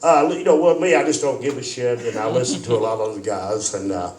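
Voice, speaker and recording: A man's voice: medium pitch, fast, a little mellow. A man telling a crude anecdote to a live audience, rambling and laughing at his own jokes. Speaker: storyteller at open mic. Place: live comedy venue. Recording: echoey venue, distant mic, crowd noise.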